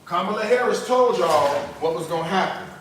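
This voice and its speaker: A man's voice: sits high, a little fast, roomy sound, slight background noise. A man hosting a cooking live stream, chatting casually and telling stories straight to his viewers while he cooks in his kitchen. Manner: animated storyteller, addresses viewers directly. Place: home kitchen.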